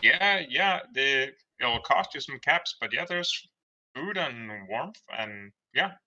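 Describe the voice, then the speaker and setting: Male tabletop player, very bright and sharp voice, rambling; dull lo-fi audio. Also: mid-range voice, expressive, slow pace. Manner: chatty, rambling, lots of fillers. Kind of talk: tabletop game play. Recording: dull lo-fi recording.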